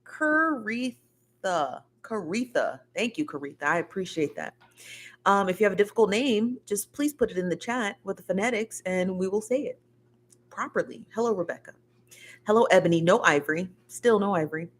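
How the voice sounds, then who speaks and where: A woman's voice: mid-range voice, a little fast. A woman hosting a casual livestream after show, chatty and a little tired, greeting viewers and reading their comments aloud. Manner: chatty, laughing, reads out chat comments. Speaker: livestream host.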